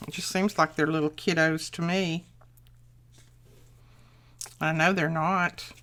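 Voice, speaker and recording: Slow and fairly even in intonation, this older woman's low voice still carries a fairly bright tone. As host of a crafting channel, she guides a tutorial with folksy, casual chatter, thinking out loud along the way.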